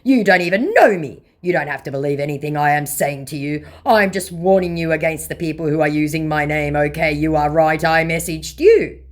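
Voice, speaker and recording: A woman's voice: sits low, a little fast, few pauses, natural voice. A woman reading out the chat messages of a pushy adult male scammer in a raised, mocking tone. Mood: mock-earnest. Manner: reads his messages aloud in a raised, mocking tone.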